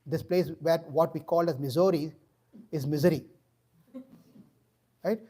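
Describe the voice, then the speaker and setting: A man telling a story in a sermon, acting out the dialogue of its characters. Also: measured pace. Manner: acts out dialogue in a story, rising pitch when excited. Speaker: spiritual teacher.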